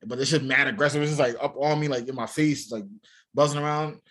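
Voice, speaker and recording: Husky-voiced New man chatting. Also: mid-range voice, fairly even intonation, fairly bright tone. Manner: rambling, slangy, quick to laugh. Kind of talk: casual chat.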